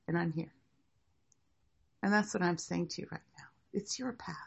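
An older woman teaching a class, speaking in a gentle, encouraging and unhurried way. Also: lowish voice, vocal fry, slightly rough, muffled recording. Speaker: meditation teacher. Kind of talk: guiding a class.

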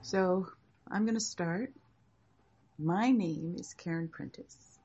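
An older woman teaching a class, speaking in a gentle, encouraging and unhurried way. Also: fairly low pitch, slightly rough, highs cut off. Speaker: meditation teacher. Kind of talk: guiding a class.

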